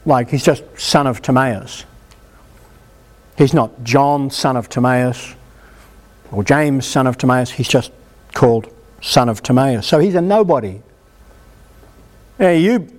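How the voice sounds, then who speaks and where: A man preaching a sermon at a healing meeting, emphatic and animated as he exhorts the congregation. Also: medium pitch, unhurried, pauses often.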